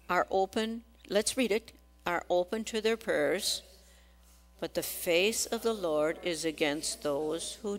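A woman preaching a sermon in a church, asking the congregation questions and acting out quotes. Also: mid-range voice.

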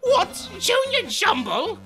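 A loud, theatrical skeleton who brags about his puzzles, voiced by a woman. The voice sits high and swoops wildly across its range. Game music plays underneath. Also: huge pitch swings, takes it slowly, exaggerated voice. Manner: grandiose, exclaiming, dramatic. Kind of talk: live fan voice-over of a game.

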